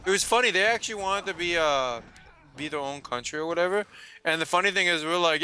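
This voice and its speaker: A young man rants over gameplay, rambling and cursing freely. His comes fast and bright, a touch higher than most men. Faint background noise sits under his voice. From Canada. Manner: rambling, profane, ranting. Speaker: let's-play co-host. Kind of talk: casual chat over gameplay.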